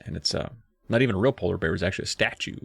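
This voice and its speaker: A man's voice: low voice, rapid-fire, vocal fry, dry recording, clean studio sound. A man casually retelling a children's book for laughs, rambling and voicing the characters. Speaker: podcast co-host. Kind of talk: casual comedic recap.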